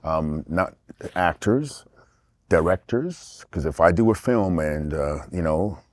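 A middle-aged actor from England, speaking as an interview guest in a rambling, animated way with many restarts. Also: male voice, deep voice, slow, dry recording. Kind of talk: casual interview talk.

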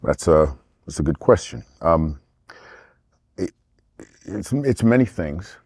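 A middle-aged actor from England, speaking as an interview guest in a rambling, animated way with many restarts. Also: male voice, low voice, slow pace, creaky, husky, dry recording. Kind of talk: casual interview talk.

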